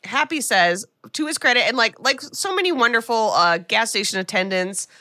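A woman's voice: a little high, animated, normal speed, bright, forceful tone, no echo, clean studio sound. A woman co-hosting a podcast, casually recapping a movie and acting out characters' lines with sarcastic asides. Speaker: podcast co-host. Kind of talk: casual film recap chat.

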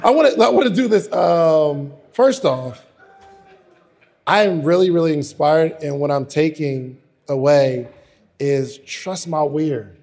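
A man's voice: a little high, unhurried, a little mellow. A man hosting a live onstage interview, casual, slangy and enthusiastic. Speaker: host.

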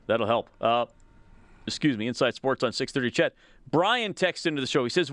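Smooth-voiced sports radio host. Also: male voice, mid-range voice, lively intonation, moderate pace, a bit bright, no room sound. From Alberta, Canada. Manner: chatty, self-amused, laughs at listener texts. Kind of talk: casual radio talk. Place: radio studio. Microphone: studio microphone.

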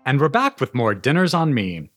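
A middle-aged man hosting a casual dinner conversation in a restaurant, chatty and quick to laugh, often restarting his sentences. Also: mid-range voice, huge pitch swings, over music. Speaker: podcast host.

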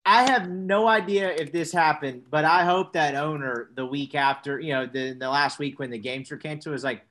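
A man's voice: a little high, moderate pace, a bit bright. A man co-hosting a casual sports talk show, asking questions and cracking jokes. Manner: joking, leads the questions. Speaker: podcast co-host.

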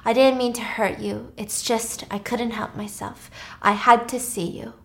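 A lovestruck older man of sixty, eager and easily rattled, as a woman puts him on. She keeps her own fairly high voice for him, hurrying when he panics. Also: steady tone, measured pace, gravelly, fairly bright tone. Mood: tender. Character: sixty-year-old man, smitten and easily flustered.

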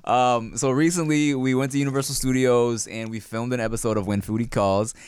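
A man hosting a podcast in casual, animated chat, swearing freely, laughing often and slipping into voices. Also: mid-range voice, brisk, clean tone, dry recording. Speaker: podcast host.

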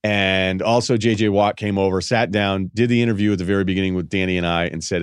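A man's voice: sits low, steady tone, fast, hardly any pauses, clean tone, no echo, clean studio sound. A man hosting a podcast, telling rambling, self-deprecating stories in a casual way. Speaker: podcast host. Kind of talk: casual storytelling monologue.

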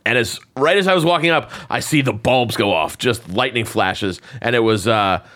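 A man co-hosting a podcast, chatting casually in a relaxed, halting way with lots of fillers. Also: medium pitch, no room sound. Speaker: podcast co-host. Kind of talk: casual chat.

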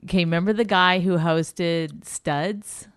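Lively, teasing woman from Canada. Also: on the low side, unhurried, clear, resonant tone, dry recording, clean studio sound. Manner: lively, teasing, mimics voices in stories. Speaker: podcast co-host. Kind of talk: casual chat.

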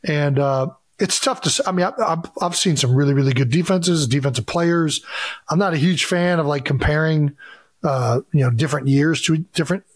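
A man's voice: on the high side, normal speed, breathy edge, dry recording, studio quality. A man in his thirties co-hosting a podcast, talking football animatedly with emphatic rhetorical questions. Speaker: podcast co-host, football player. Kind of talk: casual sports chat.

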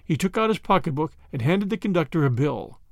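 A man narrating a classic story with an expressive reading. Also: on the high side, brisk, creaky, dry recording, clean studio sound. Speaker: audiobook narrator.

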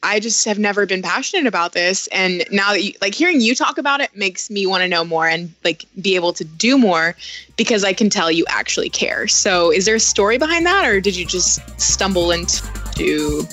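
A woman's voice: medium pitch, animated, moderate pace, sharp tone, no echo, faint music behind. Curious, giggly woman on a podcast. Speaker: podcast panelist. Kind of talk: casual podcast discussion.

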